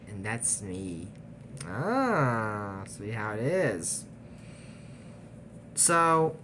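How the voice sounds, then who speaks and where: A man recapping an animated series in a casual, digressive way, trailing off with fillers and little laughs. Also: medium pitch, a little hiss or hum. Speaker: YouTube recap host. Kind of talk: casual rambling episode recap.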